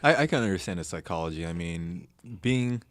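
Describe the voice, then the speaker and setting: A man with a very low voice chatting on a podcast. He talks in an easygoing, unhurried way, with quiet reactions. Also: animated, no room sound. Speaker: podcast co-host. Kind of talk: casual podcast chat.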